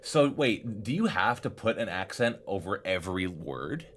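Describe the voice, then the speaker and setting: A young man streaming a game live, chatting with his viewers and swinging from low muttering to excited exclamations. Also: normal speed, a little hiss or hum.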